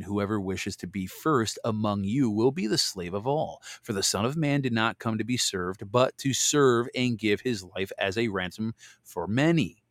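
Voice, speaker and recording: Low-voiced man reading scripture, dry sound. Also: dry recording. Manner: reads verses deliberately, then breaks off into relaxed asides. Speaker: host reading and commenting on scripture. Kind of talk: Bible reading with casual commentary.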